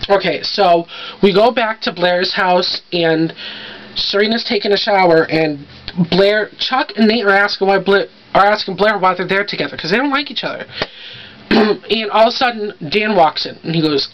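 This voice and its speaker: A young woman rattles through a TV recap in a loose, rambling way, jumping in and out of the characters' quotes. Her voice sits in a middle pitch for a woman. The recording is dull and lo-fi, with a faint hiss underneath. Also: normal speed. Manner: chatty, rambling, acts out quotes. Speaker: TV recap vlogger. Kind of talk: casual episode recap.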